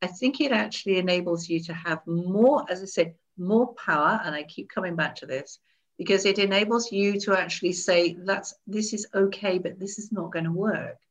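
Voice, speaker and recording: A woman talking in an interview as a guest expert, animated, laughing often and demonstrating tones of voice while seated. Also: on the low side, moderate pace, rough recording. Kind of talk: conversational interview. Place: seated indoors.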